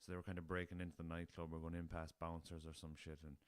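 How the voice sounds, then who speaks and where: Low-voiced, chatty Irish man. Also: little pitch movement, quick pace, no room sound. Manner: chatty rambling storyteller, swears freely. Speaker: podcast host. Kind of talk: casual solo podcast chat. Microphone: laptop.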